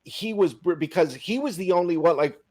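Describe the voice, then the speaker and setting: Middle-aged male podcast co-host, fairly high voice, lively storyteller. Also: brisk. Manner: animated anecdote-teller, acts out quotes. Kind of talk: casual storytelling chat.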